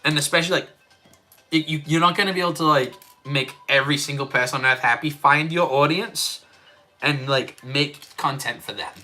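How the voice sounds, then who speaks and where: A man's voice: on the high side, moderate pace, sharp tone, faint music behind. A man with an Australian accent chatting casually on a live stream while building Lego and reading chat, rambling with many fillers.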